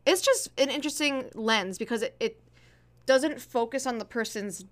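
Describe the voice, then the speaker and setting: A woman's voice: on the high side, moderate pace. A woman co-hosting a podcast, chatting candidly and rambling a little with jokes. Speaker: podcast co-host. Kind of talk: casual chat.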